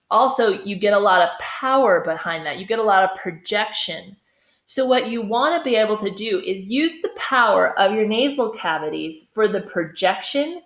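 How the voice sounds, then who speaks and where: A woman's voice: medium pitch, a bit bright. A woman choir teacher giving a singing lesson, explaining vocal technique and often checking in with "okay?". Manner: demonstrates sung phrases, checks in with "okay?". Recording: echoey room.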